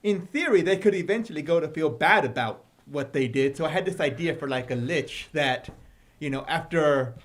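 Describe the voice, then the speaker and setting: Guest author, man, somewhat high voice, chatty and quick to laugh. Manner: laughs often, animated storytelling. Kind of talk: casual livestream chat.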